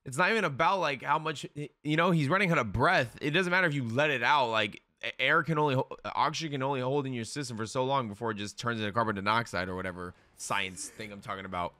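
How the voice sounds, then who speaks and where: A young man streaming a live anime reaction, excitable and slangy, swearing often as he comments. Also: medium pitch, fast, few pauses, dry recording.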